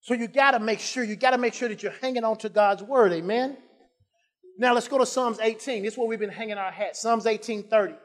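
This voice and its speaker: Man, pastor, very high voice, sermon, call-and-response, shouted emphasis, repeated phrases. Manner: swings from quiet asides to shouted emphasis, drawn-out scripture lines.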